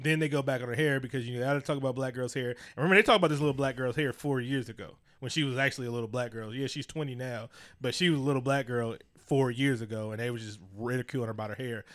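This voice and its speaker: A man's voice: medium pitch, fast talker, hardly any pauses, a bit bright. A man, co-hosting a casual podcast and ranting with heavy profanity. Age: 30s. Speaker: podcast co-host. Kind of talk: casual chat.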